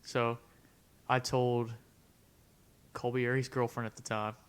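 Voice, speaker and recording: A man's voice: mid-range voice, flat delivery, a little slow, clear, resonant tone. A young man on a podcast, telling a long story in casual chat and acting out the quotes, dropping "bro" and "dude" often. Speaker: podcast co-host.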